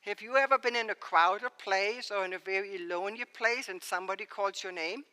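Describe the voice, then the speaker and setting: A woman's voice: mid-range voice, brisk, pushed and bright, clean tone. A woman pastor giving a sermon, preaching expressively and asking rhetorical questions. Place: church sanctuary. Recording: long church reverb.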